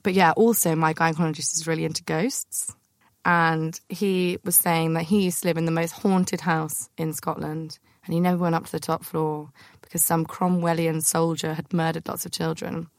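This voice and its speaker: A young adult woman hosting a podcast, telling a mortifying personal story in an animated, self-mocking way. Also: low-pitched, normal speed, dry recording. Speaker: podcast host. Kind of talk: chatty storytelling.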